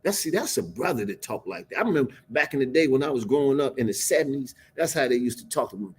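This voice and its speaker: Man in his fifties, husky voice, slangy emphatic preacher, casual Bible class. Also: mid-range voice, big pitch swings, fast talker, few pauses, darkish tone. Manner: emphatic, slangy, repeats for effect. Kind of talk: casual scripture breakdown preaching.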